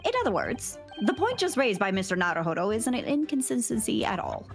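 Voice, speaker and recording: A woman voicing a precise, confident male professor in a casual game dub, explaining in a measured, lecturing way. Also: fairly high pitch, big pitch swings, creaky, faint music behind.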